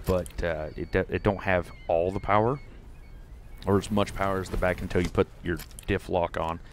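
A low-pitched young man with a drawl talks loosely over a fishing game, restarting sentences and wandering through a folksy tale. A faint hum of background ambience sits under his voice. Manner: rambling, folksy, lots of restarts. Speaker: gaming streamer. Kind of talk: casual gameplay commentary and storytelling.

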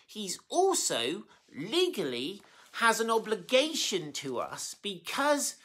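A preacher giving an informal sermon, retelling a Bible story in a chatty, animated way with many fillers and self-corrections, and plainly moved by it. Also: mid-range voice, slow pace, husky.

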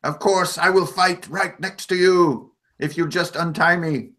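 A man's voice: high voice, steady tone, measured pace, a bit bright, voice pushed up. A man voicing a small, frantic male goblin who pleads urgently for help. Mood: urgent pleading.

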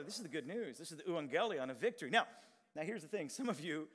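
High-voiced preaching man in a reverberant hall. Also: husky. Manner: animated preaching, shouts and drawn-out emphatic lines, audience call-and-response. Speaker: pastor. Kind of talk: sermon. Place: large church hall with long reverb.

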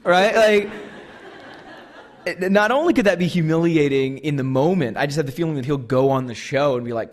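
A man's voice: on the high side, normal speed. A man in his thirties with an American accent, telling a comic, self-deprecating story to a live audience and acting out the dialogue. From United States. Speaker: guest speaker.

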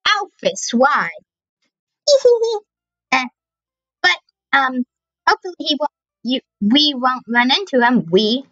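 Brief: young female gamer, bright lively voice, dry muffled home mic. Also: high voice, a little slow, long pauses, no room sound. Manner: playful, chatty, reacting aloud. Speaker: gaming channel host. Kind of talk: casual gameplay commentary.

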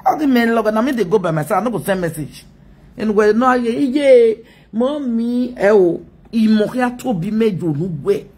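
A woman's voice: fairly high pitch, lively intonation, normal speed, darkish tone, breathy edge. A Nigerian woman ranting mockingly on a live video, scolding and laughing often.

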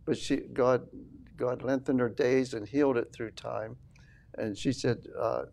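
Older man with a gravelly voice. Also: medium pitch, fairly even intonation, unhurried, a little mellow. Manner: earnest, retells quoted dialogue. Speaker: interview guest, minister. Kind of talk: storytelling testimony.

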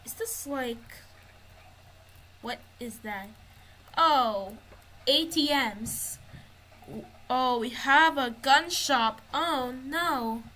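A woman's voice: sits high, very slow, long pauses, pushed and bright, slight background noise, rough recording. A woman giving casual gameplay commentary, narrating what she finds as she explores. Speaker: gamer.

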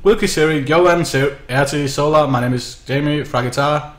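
A man's voice: on the high side, normal speed, roomy sound. A man giving casual, sarcastic commentary while streaming a sim racing game, swearing and mocking himself.

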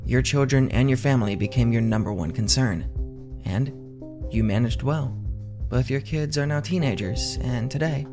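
A man giving scripted second-person horror narration in a measured, tense way. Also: mid-range voice, music in the background.

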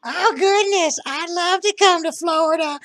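A woman playing a slow, sweet-talking old lady. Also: extremely high pitch, fairly bright tone, no echo, heavily acted. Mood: chatty sweet. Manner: drawling, calls him sweetheart and honey. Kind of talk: prank phone call role-play.

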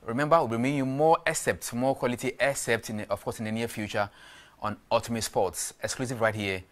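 Fast-talking Ghanaian male sports host. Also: medium pitch, steady tone, fairly bright tone. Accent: Ghanaian English. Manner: filler-heavy broadcaster patter, "of course" and "you know". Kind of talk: live TV studio interview.

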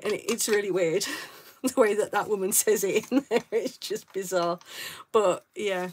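A woman's voice: mid-range voice, normal speed, slight background noise. A middle-aged woman from London with a southern English accent, chatting casually and rambling as she hosts a live craft stream, laughing often. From south of England, London. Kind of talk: casual chat while crafting.

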